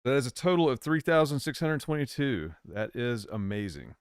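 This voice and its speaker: A man co-hosting a casual live chat, speaking in a relaxed, plain way. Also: medium pitch, normal speed, clean tone, dry recording, clean studio sound. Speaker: co-host.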